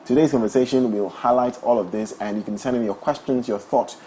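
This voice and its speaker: A young man hosting a breakfast talk show, playful and quick to laugh, also reading live ads. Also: mid-range voice, warm tone, a little hiss or hum. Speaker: morning show host. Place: studio.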